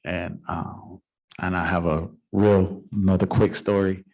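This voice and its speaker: Deep-voiced folksy middle-aged man. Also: flat delivery, a little slow, darkish tone, lo-fi sound. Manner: folksy, informal. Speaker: city council member. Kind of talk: anecdotal storytelling at a public meeting. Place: city council chamber.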